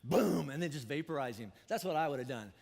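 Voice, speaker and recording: A man preaching a sermon as pastor, animated and swinging from loud to hushed. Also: medium pitch, fast talker, long reverb tail. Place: church auditorium.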